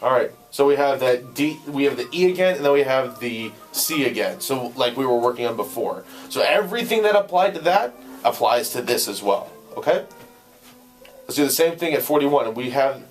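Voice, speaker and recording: A man's voice: mid-range voice, animated, moderate pace, faint music behind. Man coaching a trumpet section. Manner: sings articulations to demonstrate, counts players in. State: voice going hoarse. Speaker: ensemble conductor. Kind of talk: rehearsal instruction. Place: band rehearsal room. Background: trumpets playing.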